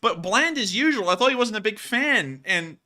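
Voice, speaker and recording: A man's voice: high voice, normal speed. A man hosting a casual livestream, joking and saying "y'all". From Alabama, US. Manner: joking, animated, drawling "y'all". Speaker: host.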